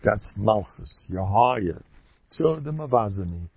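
A gravelly, husky-voiced man gives an informal religious talk, his pitch leaping all over as he rambles and mimics the people he talks about. It sounds like a dull, lo-fi recording. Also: very animated, moderate pace, dry recording.

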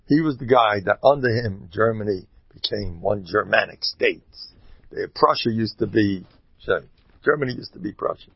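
A man giving a sermon, telling stories in a rambling, animated way. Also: on the low side, moderate pace, gravelly, breathy edge, no room sound. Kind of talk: sermon with storytelling. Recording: dull lo-fi dry recording.

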